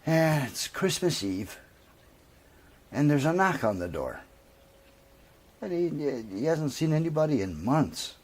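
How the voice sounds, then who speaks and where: A man telling a long comic story in a lively, drawn-out way. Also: a little high. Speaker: comedian.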